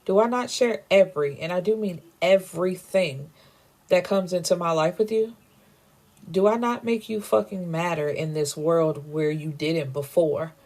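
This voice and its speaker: A man's voice: sits high, moderate pace, darkish tone. A woman voicing a controlling rich man who interrogates bluntly and swears while recapping a story. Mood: cold. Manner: blunt, profane, accusing.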